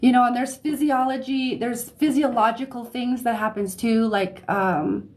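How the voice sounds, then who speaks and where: A woman giving a live-streamed tarot reading, talking in a chatty, easygoing way, often checking in with "okay?" and laughing softly between phrases. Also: fairly high pitch, fairly even intonation, normal speed. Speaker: psychic reader. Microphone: phone or desk mic on livestream.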